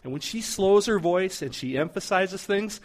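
A middle-aged man preaching a sermon, telling a story in a conversational, animated way as the pastor. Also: high-pitched, moderate pace.

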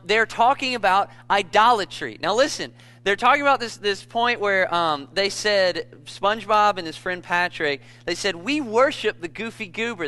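A man's voice: high-pitched, sharp tone. A man preaching a sermon in a church, conversational and humorous, with many asides and restarts. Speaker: pastor.

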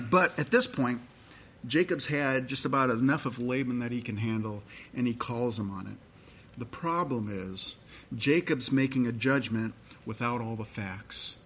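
A man's voice: mid-range voice, animated, measured pace, pushed and bright, a little hiss or hum. A middle-aged man, a pastor, preaching a sermon in a conversational storytelling way and reading scripture aloud.

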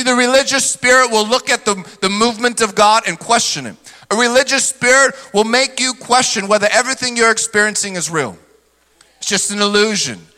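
A man preaching with a bright, ringing tone that sits high for a male voice. He drives the sermon with energy and slips into mocking impressions of skeptics. His voice trails a long reverb, as if filling a large church hall. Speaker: pastor.

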